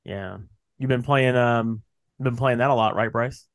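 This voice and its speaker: A man's voice: medium pitch, fairly even intonation, measured pace, dry recording. A man in his late thirties hosting a podcast, chatting casually, rambling with lots of fillers and cheerful swearing. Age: late 30s. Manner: rambling, swears freely, many fillers and restarts. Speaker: podcast host. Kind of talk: casual chat.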